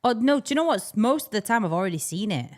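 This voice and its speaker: A woman's voice: medium pitch, expressive, fast. A young woman hosting a podcast, chatting casually and rambling with frequent laughs. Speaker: podcast host. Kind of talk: casual chat.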